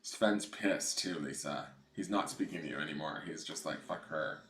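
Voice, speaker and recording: A man's voice: very deep voice, moderate pace, fairly bright tone. A man giving a casual livestream tarot reading, rambling and chatty with some swearing, recorded on a camera mic. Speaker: tarot reader. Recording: echoey room.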